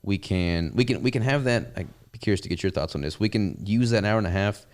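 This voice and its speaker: Deep-voiced Southern man chatting casually. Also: fast. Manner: easygoing, rambling with fillers. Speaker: podcast host and business owner. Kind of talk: casual chat.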